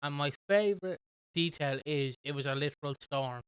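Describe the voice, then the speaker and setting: A young British man co-hosting a podcast, casually recapping a soap with a rambling, animated manner. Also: fairly high pitch, moderate pace, smooth, no room sound. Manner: rambling, animated retelling with quoted voices. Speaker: podcast co-host.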